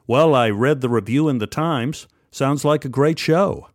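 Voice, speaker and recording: A man's voice: medium pitch, measured pace, no room sound, clean studio sound, close to an everyday voice. A man voicing a genial, amused older male TV executive who talks in a friendly, teasing way.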